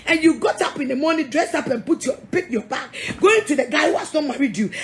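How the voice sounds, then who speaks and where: Ghanaian lady pastor, high voice, scolds and laughs a lot, repeats herself. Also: lively intonation, fast, few pauses, slight background noise. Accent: Ghanaian English. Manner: emphatic, scolding, repeats words, laughs often. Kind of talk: sermon-style counselling talk.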